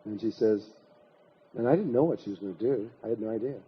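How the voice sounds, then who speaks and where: A man's voice: on the low side, fast, husky, muffled recording. A man giving a spiritual lecture, telling a long anecdote in a rambling way, with many restarts and repetitions. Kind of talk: storytelling lecture to an audience.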